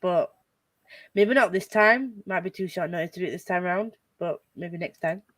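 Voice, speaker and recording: A woman's voice: fairly low pitch, moderate pace, dry recording, clean studio sound. A woman hosting a casual group livestream, chatty and rambling, laughing often. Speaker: host of a reading livestream.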